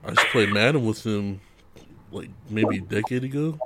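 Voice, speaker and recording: A man's voice: lowish voice, moderate pace, heavy background noise. A man co-hosting a podcast, chatting in a laid-back way with dry remarks. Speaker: podcast co-host. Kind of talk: casual banter.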